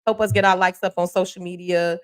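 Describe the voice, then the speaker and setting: A woman hosting a casual livestream, chatting in a folksy, laughing way as she gives shout-outs to the people watching. Her voice sits a little low for a woman. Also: fairly even intonation, a little fast, clear, resonant tone. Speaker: host of a local news livestream. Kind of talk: casual live-stream chat.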